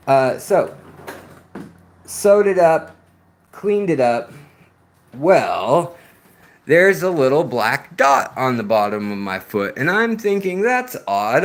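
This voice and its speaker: Mid-range and fairly bright in tone, this man hosts an aquarium channel and wanders between his fish tanks outside at sunset during a relaxed livestream chat. His storytelling is chatty, meandering and slow.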